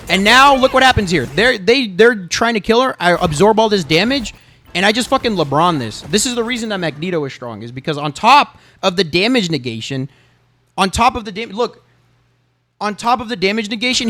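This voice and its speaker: A man's voice: high voice, fairly bright tone, a little hiss or hum. A man reviewing his own gameplay as a lesson, emphatic and repetitive, swearing and saying "bro" often. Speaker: gamer coaching through his own gameplay.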